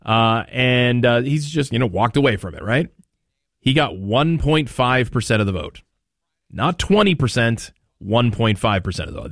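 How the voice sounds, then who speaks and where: Guy hosting morning radio, low voice, dry studio sound, chatty and rambling about politics. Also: dry recording. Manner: chatty, thinks aloud with fillers and asides. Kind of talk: conversational political commentary.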